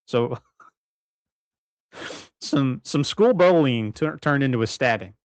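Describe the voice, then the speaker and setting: Speaking slowly in an expressive, medium-pitched voice, a man co-hosts a casual livestream from his bedroom. He wanders through his thoughts with many restarts and corrections, laughing often. There's no echo on the recording.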